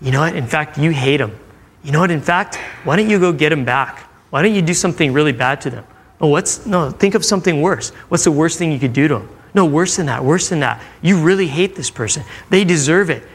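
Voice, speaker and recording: A man's voice: a little high, expressive, brisk, breathy edge. A man voicing the devil as a coaxing male tempter, acting out the whispers during a sermon. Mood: goading. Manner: wheedling, egging the listener on.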